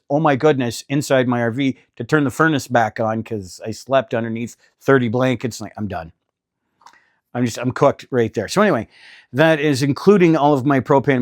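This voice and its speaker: A man's voice: medium pitch, dry recording, studio quality. A middle-aged man, talking casually to camera about RV costs in a chatty, exasperated, self-deprecating way. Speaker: RV vlogger. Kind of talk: casual vlog talk.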